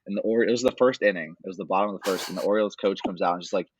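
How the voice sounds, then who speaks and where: A man's voice: deep voice, very fast, breathy edge, dry recording, rough recording. A man co-hosting a podcast, chatting loosely about sports and swearing a lot. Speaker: podcast co-host. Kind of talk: casual sports chat.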